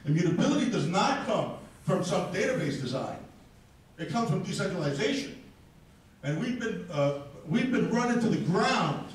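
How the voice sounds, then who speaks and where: A man's voice: high-pitched, very animated, normal speed. Combative, profane man ranting in an echoey hall. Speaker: speaker at a crypto event. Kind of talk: live speech to an audience. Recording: very echoey, distant mic in a hall.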